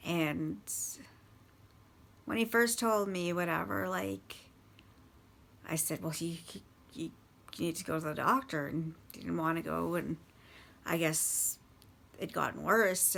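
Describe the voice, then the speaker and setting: A woman casually recounting life with a partner's drinking, halting and swearing bluntly, with many restarts. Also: fairly low pitch, vocal fry, a bit bright. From Canada. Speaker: partner of a recovering alcoholic. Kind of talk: casual personal storytelling.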